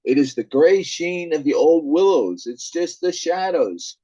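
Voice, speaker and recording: A man reading aloud as a worried father who tries to calm and reassure his frightened son. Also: fairly high pitch, measured pace, slightly rough, muffled recording, pitched above the performer's own voice. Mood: soothing. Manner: soothing, reassuring.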